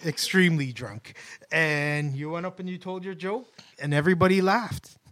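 A man who is the host's old high school friend, chatting casually and laughing as he tells the story. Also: moderate pace, a bit bright. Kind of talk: casual chat.

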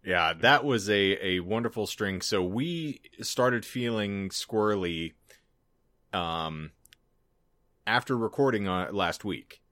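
Deep-voiced guy on a podcast, kinda congested, rambly crude jokes, dry mic. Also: slow pace, bright, forceful tone, no echo. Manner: rambling, crude joking, easy laughs. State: recovering from a cold, a little congested. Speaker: podcast co-host. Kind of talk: casual chat.

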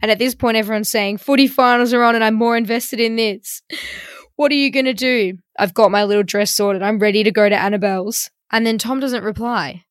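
A woman's voice: on the high side, steady tone, brisk, no echo. A woman, co-hosting a podcast and telling a funny story in a dry, self-mocking way. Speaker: podcast co-host. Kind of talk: casual storytelling chat.

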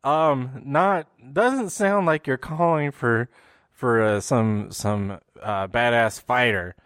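A man in a loose, rambling recap, stumbling through restarts and fillers before landing on his point. His voice sits at an ordinary middle pitch. The sound is close and dry, with no room around it. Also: slow pace, a bit bright, clean tone, dry recording. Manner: puts on silly voices for quotes. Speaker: wrestling recap host. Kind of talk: casual show recap.

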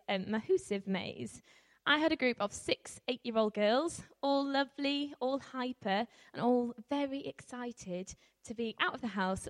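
Young woman, high voice, from Yorkshire, chatty storyteller, laughs a lot, long hall reverb. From Yorkshire, England. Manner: chatty, self-deprecating, laughs often, frequent ums. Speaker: youth worker telling a personal story. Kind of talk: live storytelling to an audience. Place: hall with a live audience.

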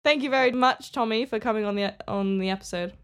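High-voiced laughing podcast host woman. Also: quick pace, a bit bright, clean tone. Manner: laughs often, short encouraging replies. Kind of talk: casual chat.

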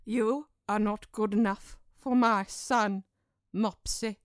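Woman voicing a scornful posh mother, slow haughty insults, dry sound. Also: medium pitch, fairly even intonation, clean tone, no echo, close to an everyday voice.

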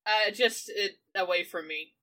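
A woman's voice: mid-range voice, a little slow, sharp tone. A woman playing a tabletop role-playing game, narrating her character in a playful, giggly way. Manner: giggly, playful, slips into silly voices. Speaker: player.

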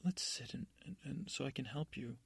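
Brief: soothing middle-aged stepmother, done by a man, husky and close. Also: medium pitch, fairly quick, no echo. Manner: soothing, hushed.

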